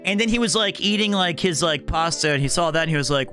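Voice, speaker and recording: Man, high voice, bright and forceful tone, casual storytelling, animated, swears freely, acts out the people he quotes. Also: fast, faint music behind. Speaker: streamer.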